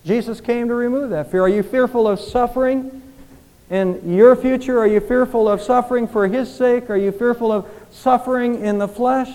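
A male pastor with a high, mellow voice delivers an earnest sermon. He presses the congregation with rhetorical questions that swell and then drop to hushed pleading. The sound rings with a long church-hall reverb. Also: steady tone, moderate pace. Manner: earnest preaching with rising and falling intensity, rhetorical questions. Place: church sanctuary.

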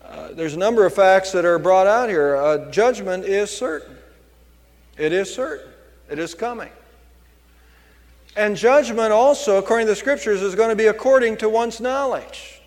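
A man's voice: high voice, moderate pace, long reverb tail. A man preaching a sermon as pastor, driving points home with emphatic repetition.

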